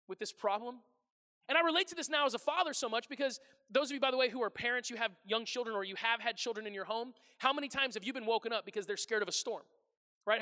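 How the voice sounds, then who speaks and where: A male pastor preaches a conversational sermon in a church sanctuary, and his voice echoes with a long reverb. His voice sits very high and sounds bright and forceful. He asks the congregation questions and acts out the people he quotes.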